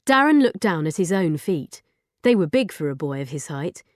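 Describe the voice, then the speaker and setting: A woman narrating a children's audiobook in a lively storytelling manner. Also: on the low side, moderate pace, no room sound, studio quality.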